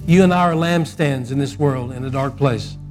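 A man preaching a sermon and telling a story, swinging from loud quoted outbursts to a soft, quiet close. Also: mid-range voice, moderate pace, faint music behind.

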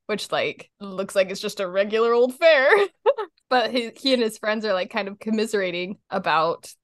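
Recapping a cartoon episode on a casual podcast she co-hosts, a young woman gushes and giggles in an expressive mid-range voice at normal speed. She keeps laughing and quoting lines in a put-on voice, and the studio-quality recording has no echo.

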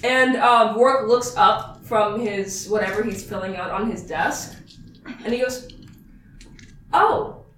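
A woman's voice: medium pitch, steady tone, a little slow, a bit bright. A woman narrating a tabletop game as game master, chatty and rambling. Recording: roomy distant mic, faint noise.

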